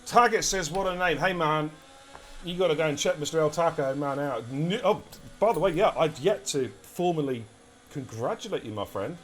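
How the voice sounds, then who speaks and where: A man with an English accent giving lively, chatty live commentary on an esports race and talking to his chat as he goes. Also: on the high side, moderate pace, slight background noise. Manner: energetic, chatty, addresses chat directly.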